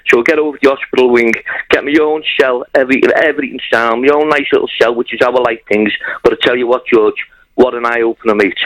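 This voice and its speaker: A man's voice: medium pitch, steady tone, quick pace, fairly bright tone. A man calling in to a radio show, telling his story in a blunt, heartfelt way over a phone line. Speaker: caller. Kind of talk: phone-in call.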